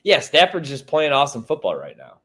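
Profane, animated sports talk man. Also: fairly high pitch, brisk. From Chicago. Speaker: sports radio host. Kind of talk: casual sports chat.

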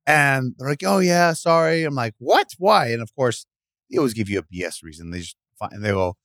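Middle-aged male guest, low voice, animated storyteller, dry studio sound. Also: quick pace, dry recording. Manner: animated, acts out voices in stories. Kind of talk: casual interview storytelling. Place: podcast studio.

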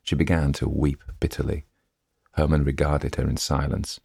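A man narrating a classic story aloud in a measured, steady reading. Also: extremely low pitch, vocal fry, slightly rough, no echo, studio quality.

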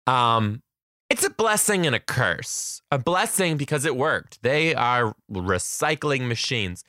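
A man hosting a podcast as a kindergarten teacher, talking in a sassy, animated comedic monologue. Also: medium pitch, takes it slowly, no echo, studio quality. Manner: animated, sassy, acts out classroom scenes.

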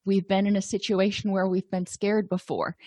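A woman's voice: mid-range voice, flat delivery, moderate pace, warm tone, dry recording. A woman giving a recorded counseling lecture, conversational and full of everyday examples and asides. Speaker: counselor and podcast host. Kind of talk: recorded continuing-education lecture.

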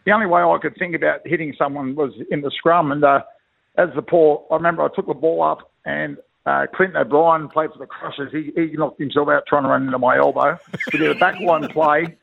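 A former rugby league player, middle-aged and Australian, calls in to a casual radio interview and tells slangy, rambling, blokey stories with frequent restarts. His voice is a little high and a little fast, steady in tone, gravelly with a breathy edge, heard over a tinny, dry phone line with no room sound.

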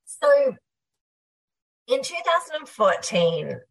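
A middle-aged Australian woman, a guest entrepreneur, tells her story in a lively, fast conversational way, full of "like" and asides. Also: high voice, creaky, husky. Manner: animated, fast, filler-heavy, uses "like" often.

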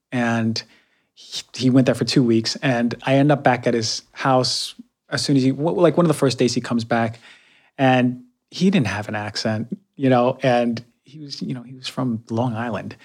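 A young adult man talking casually while reviewing health products, energetic and conversational, often using fillers and repeating words. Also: mid-range voice. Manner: frequent fillers like um and right. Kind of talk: casual monologue.

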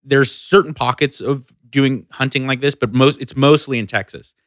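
A man's voice: medium pitch, normal speed, fairly bright tone, dry recording, studio quality. A man co-hosting a casual podcast chat, giving earnest opinions and swearing casually.

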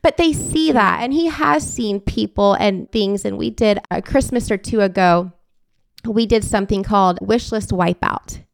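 A woman's voice: mid-range voice, normal speed, creaky, no room sound. A woman in her forties hosting a podcast, telling heartfelt stories in an earnest, emotional way. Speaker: podcast host. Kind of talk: casual podcast conversation.

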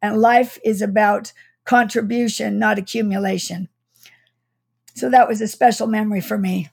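A woman's voice: mid-range voice, steady tone, moderate pace, gravelly, a little mellow, breathy edge. A middle-aged woman, a guest author, telling a childhood memory in an interview, reflective, with small laughs and restarts. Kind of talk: storytelling in an interview.

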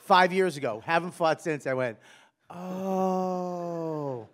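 A middle-aged man in casual comedic chat, telling animated, profane stories. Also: fairly high pitch, fairly quick.

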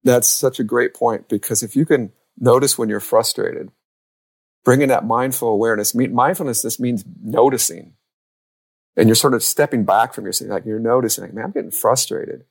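Gravelly-voiced man coaching on a podcast. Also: mid-range voice, moderate pace. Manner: lively storyteller who acts out quoted lines. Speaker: youth and family coach. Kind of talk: podcast conversation.

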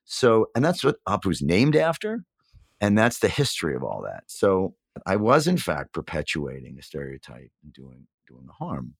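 A man in his fifties from New York, a guest in a candid interview, telling his story earnestly and reflectively with animated emphasis. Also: low-pitched, moderate pace, creaky, slightly rough, dry recording, studio quality. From New York, USA. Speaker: podcast guest.

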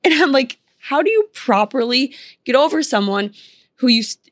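A woman's voice: high-pitched, expressive, normal speed, fairly bright tone, no room sound, clean studio sound. A young woman co-hosting a podcast, talking candidly in casual chat and saying "like" a lot. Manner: candid, chatty, heavy use of "like". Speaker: podcast co-host.

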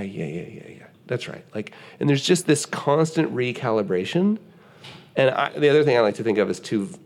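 A man as a podcast guest, explaining ideas in casual conversation and telling an animated story, acting out what people said, often restarting his sentences. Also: lowish voice, gravelly.

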